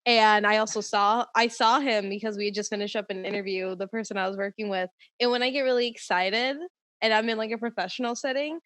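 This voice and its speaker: Young woman, podcast co-host, medium pitch, excitable, dry close sound. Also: fast talker, no room sound. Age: young adult. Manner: excitable, laughing, swearing storyteller. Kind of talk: casual podcast chat.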